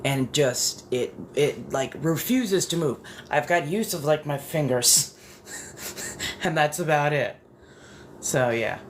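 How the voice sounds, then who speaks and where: Just waking up and tired, a woman hosts a body-doubling livestream, chatting bluntly and casually and swearing freely. She speaks slowly in a low voice, with a little hiss or hum in the audio.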